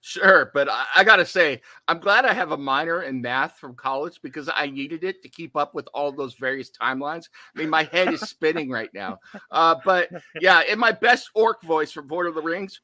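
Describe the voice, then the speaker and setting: A man co-hosts a horror podcast in a relaxed, chatty way, wandering into playful tangents. His voice sits a bit high and sounds bright and forward. The sound is dry and close. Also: normal speed, no echo. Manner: animated, digressive, playful asides. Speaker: podcast co-host. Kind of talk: casual horror podcast chat.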